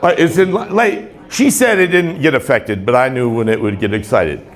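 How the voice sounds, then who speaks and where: A man's voice: medium pitch, moderate pace. A man in his forties doing a rambling, self-deprecating stand-up set on a club stage, often chuckling at his own jokes. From Tacoma, Washington, USA. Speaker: stand-up comedian. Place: comedy club stage with laughing crowd. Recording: live club set with crowd laughter.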